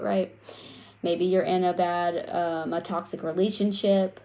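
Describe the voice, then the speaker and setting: A woman's voice: lowish voice, steady tone, normal speed, mellow. A woman coaching on self-worth in a casual, conversational way, often tagging her points with "right?" and swearing now and then. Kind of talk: casual teaching talk.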